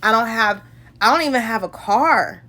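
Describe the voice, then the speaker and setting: A woman hosts a livestream from her phone, speaking heartfelt and emotionally about her faith and calling her viewers y'all, sometimes tearing up. Her voice is on the high side and sharp, animated at a moderate pace.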